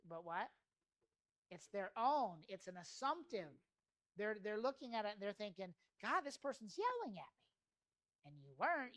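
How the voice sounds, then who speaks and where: A man's voice: fairly high pitch, a bit bright, no echo. A man leading an in-house sales training, talking conversationally, quizzing the room with rhetorical questions and swearing now and then. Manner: casual, swears in passing.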